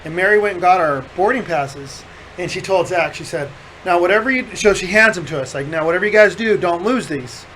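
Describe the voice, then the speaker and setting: High-voiced man telling a wild story. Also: brisk, slight background noise, low-quality recording. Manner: animated, profane storyteller who laughs through the punchlines. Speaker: podcast host. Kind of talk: casual chat, storytelling.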